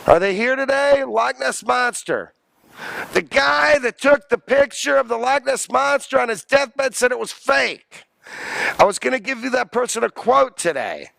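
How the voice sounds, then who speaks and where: Male professor, classroom lecture, bright voice, dry sound. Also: extremely high pitch, normal speed, creaky, no echo. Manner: animated, jokey, asks the class questions. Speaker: college lecturer.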